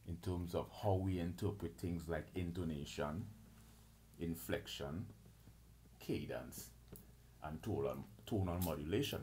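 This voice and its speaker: Deep-voiced man lecturing, full of restarts. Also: a little mellow, a little hiss or hum. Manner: lists terms, restarts and stumbles often. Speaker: channel host. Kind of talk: rambling solo lecture.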